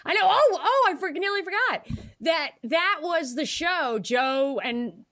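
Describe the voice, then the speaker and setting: A woman co-hosting a podcast in casual political chat, animated, laughing often and acting out the people she quotes. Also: very high-pitched, a little slow. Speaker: podcast co-host.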